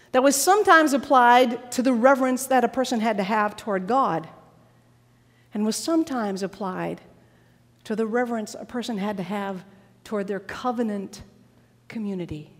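Animated high-voiced woman preaching. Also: moderate pace. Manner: animated, dramatic delivery. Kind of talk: sermon. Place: large worship hall. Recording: long reverb of a large hall.

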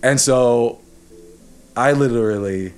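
A man's voice: medium pitch, takes it slowly, smooth. A man casually telling a personal story, heated and swearing often, with many restarts.

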